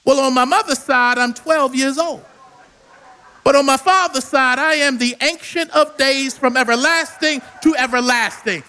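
Brief: a man doing a young Jesus at twelve, very high and bright, calm, building to proclamation. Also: heavily acted. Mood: serenely confident. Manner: measured, proclaiming answers with rising force. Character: twelve-year-old boy Jesus, calm and confident.

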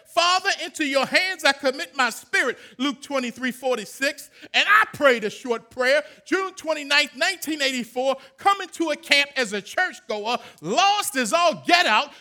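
A man, preaching a sermon that swings from low, quiet talk to loud shouted calls. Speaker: pastor.

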